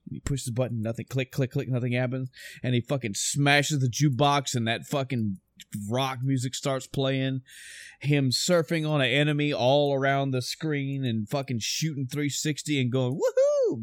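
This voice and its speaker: Dude rambling about a game, cussing constantly, mid-pitched voice, dry room. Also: male voice, unhurried, no room sound. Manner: profane, rambling, enthusiastic. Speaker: podcast host reviewing a video game. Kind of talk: casual chat.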